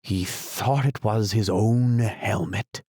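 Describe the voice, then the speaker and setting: A man reading an audiobook, voicing a solemn, muddled male knight who talks gravely and slowly about his inventions. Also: fairly low pitch, warm tone, dry recording, studio quality. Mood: grave, musing. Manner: grave, slow, musing. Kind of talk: audiobook character voice.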